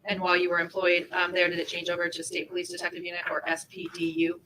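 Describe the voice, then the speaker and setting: A woman prosecutor questioning a witness in court, asking brisk, methodical questions. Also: lowish voice, monotone, background noise. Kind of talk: courtroom direct examination.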